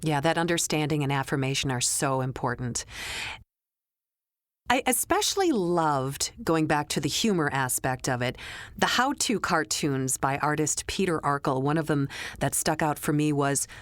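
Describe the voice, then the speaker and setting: A woman hosts a podcast and asks her guest measured, thoughtful questions. Her voice sits very low for a woman. The sound is dry and close to the mic. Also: animated, no room sound. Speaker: podcast host. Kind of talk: interview questions.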